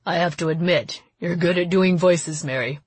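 A woman reading an audiobook, voicing a calm, gentle middle-aged father in a soft, measured, reassuring tone. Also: on the low side, breathy edge, no echo. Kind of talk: audiobook character voice.

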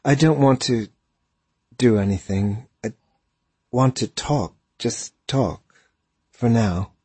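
A man's voice: medium pitch, takes it slowly, a little mellow, husky, no echo. A man voicing a shy, anxious young man with a hesitant, quavering delivery in a storybook reading. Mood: nervous.

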